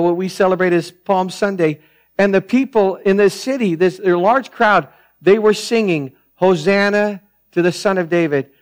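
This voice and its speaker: Male pastor in the pulpit; earnest, emphatic, repetitive delivery with loud and hushed swings, voice a touch high. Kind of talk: sermon.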